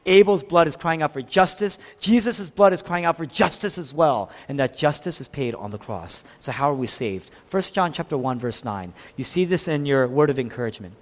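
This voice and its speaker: Male pastor, emphatic sermon, animated swooping delivery, reverberant sanctuary. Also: moderate pace, few pauses. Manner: emphatic, rising to strong peaks then dropping low. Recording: long hall reverb.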